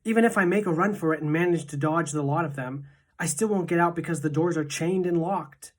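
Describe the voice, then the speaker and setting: A woman's voice: fairly low pitch, brisk, lightly acted. Woman reading as a terrified young boy. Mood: despairing. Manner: pleading, panicked.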